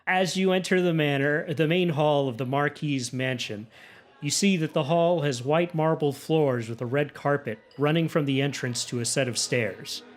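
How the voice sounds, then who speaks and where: A man running a tabletop game, narrating places and people descriptively. His voice sits a bit high and he pads with fillers. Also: moderate pace. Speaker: game master.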